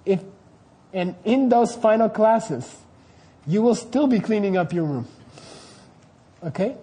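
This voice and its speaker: Man, high-pitched voice, Buddhist teacher, quizzing questions, keeps checking understanding. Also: lively intonation, slow, mellow. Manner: quizzes the class, keeps checking "you see what I mean?". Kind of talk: dharma class teaching.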